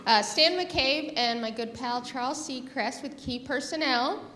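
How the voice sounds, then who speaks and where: Cheerful high-voiced woman thanking sponsors. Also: unhurried, pushed and bright. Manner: cheerful, chatty. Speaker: sergeant-at-arms reading sponsors. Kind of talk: meeting announcements. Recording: roomy hall with faint noise.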